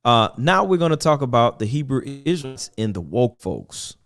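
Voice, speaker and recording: Animated male talk radio host. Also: mid-range voice, moderate pace. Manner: animated, preachy, repeats himself, laughs often. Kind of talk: casual talk radio monologue.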